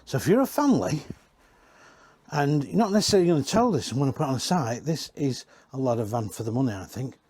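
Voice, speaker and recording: A man's voice: medium pitch, big pitch swings, quick pace, darkish tone, husky, no room sound. A man giving a casual, rambling walk-around tour inside used caravans, chatting and correcting himself as he goes. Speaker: caravan industry reviewer.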